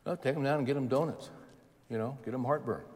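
A man's voice: mid-range voice, fast, a little mellow. Folksy older male preacher, echoing hall. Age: 70s. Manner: folksy, conversational preaching with repeated phrases. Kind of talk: sermon.

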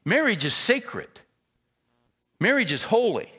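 A man preaching a sermon as a pastor, telling stories with emphatic bursts and quiet asides. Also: high-pitched, slow, slightly rough. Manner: animated storyteller, swings from loud emphasis to quiet asides.

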